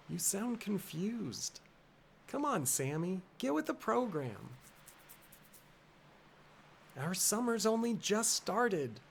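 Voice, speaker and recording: A man's voice: high-pitched, very animated, takes it slowly, gravelly, a little hiss or hum, voice pushed up, full character voice. A man voicing a caring, teasing teenage girl in a raised, coaxing sing-song, reading game dialogue aloud.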